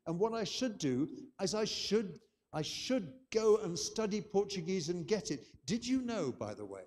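A man's voice: on the high side, darkish tone, in a large hall. An older man from England, giving a chatty, anecdotal conference lecture. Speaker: keynote speaker.

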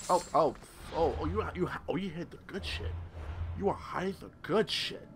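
Excitable young man playing a game. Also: sits high, fairly quick, over music. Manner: excitable, loud outbursts, lots of swearing. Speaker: gameplay streamer. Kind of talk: casual let's-play commentary.

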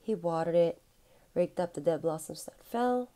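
A mother reading a children's storybook aloud in a sing-song, drawn-out way. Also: lowish voice, lively intonation, warm tone. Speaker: mother reading to her son.

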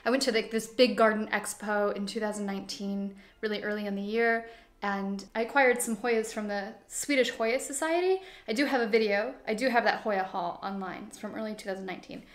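A young woman giving a casual, chatty tour of her houseplants, shifting between cozy quiet asides and excited bursts. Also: medium pitch, fairly quick. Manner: chatty and animated, swings between cozy hush and excited outbursts. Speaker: plant YouTuber. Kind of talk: casual plant tour vlog. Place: living room full of plants. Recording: echoey room.

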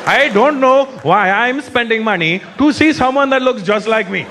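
Animated man doing stand-up before a roaring crowd. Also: extremely high pitch. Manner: animated, mocking, quick to slip into impressions. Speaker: stand-up comedian. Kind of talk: stand-up comedy set. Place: theater stage before a live audience. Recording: live show with loud crowd and noise. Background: loud audience laughter.

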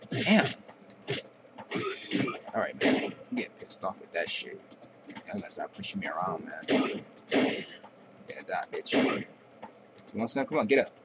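A man's voice: low-pitched, sing-song, moderate pace, pauses often, noisy background. A young man giving casual, profane trash-talking commentary while playing a video game. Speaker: gameplay commentator.

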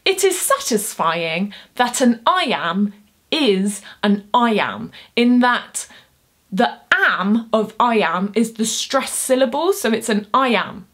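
A woman's voice: a little high, big pitch swings, slow, a bit bright. Young woman, poet explaining poetry, chatty, nerdy, self-deprecating. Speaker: poet and booktuber. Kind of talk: casual explainer video.

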